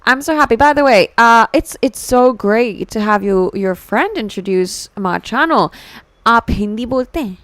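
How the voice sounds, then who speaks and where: A woman's voice: a little high, lively intonation, brisk, no echo. A woman VTuber chatting with her live-stream viewers, giggling, answering chat messages playfully and switching between English and Hindi.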